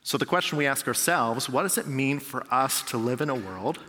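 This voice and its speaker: A man's voice: mid-range voice, fairly quick, pushed and bright. A man preaching a sermon as a pastor, talking in a conversational way and acting out quoted people. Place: large church hall. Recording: long reverb of a large church hall.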